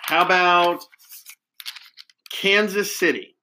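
A man's voice: high voice, steady tone, takes it slowly, background noise. A man hosting a casual quiz game, upbeat and full of praise, with lots of fillers. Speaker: quiz host.

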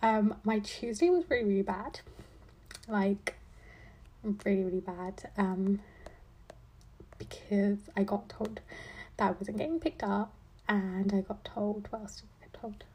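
A woman's voice: medium pitch, a little slow, long pauses, a little mellow, slightly rough. A woman in her twenties hosting a podcast, chatting casually with lots of fillers and dry sarcasm. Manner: rambling, filler-heavy, with frequent "like" and "um"; playful sarcasm. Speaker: podcast host, law student. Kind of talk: casual chat.

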